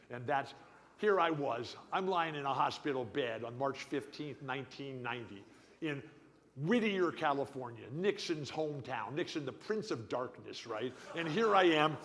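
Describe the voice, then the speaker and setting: An older man, who describes himself as a lifelong stutterer, is the guest speaker at a club's awards dinner in a banquet hall. His speech is emphatic, folksy and rambling, hopping from one tangent to another. His voice is fairly high and echoes through the large hall.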